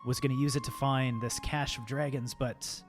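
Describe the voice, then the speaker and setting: A man's voice: medium pitch, little pitch movement, moderate pace, over music, natural voice. A man voicing a young male halfling dung sweeper who stammers and gets flustered. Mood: confiding.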